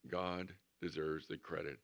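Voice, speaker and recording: A man's voice: low-pitched, fairly even intonation, measured pace, fairly bright tone, lo-fi sound. A man in his sixties, a pastor preaching a conversational sermon with humorous storytelling in a church. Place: church sanctuary.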